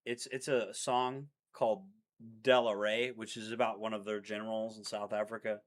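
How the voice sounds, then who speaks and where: A man's voice: fairly low pitch, level tone, moderate pace. A man hosting a casual livestream, trading playful banter. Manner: playful, challenge-style banter. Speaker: livestream host. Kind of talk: casual chat.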